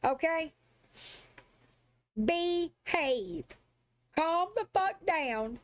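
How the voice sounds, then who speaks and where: High-voiced woman on a profane rant. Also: expressive, drawn-out words. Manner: profane, confrontational, sassy. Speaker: live streamer. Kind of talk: angry livestream rant.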